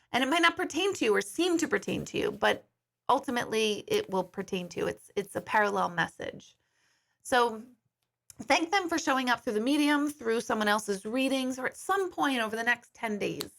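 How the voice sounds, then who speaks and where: A woman's voice: a little high, expressive, normal speed, gravelly, fairly bright tone. A middle-aged woman, a psychic medium, talking casually and bluntly on a livestream, swearing freely and greeting viewers by name.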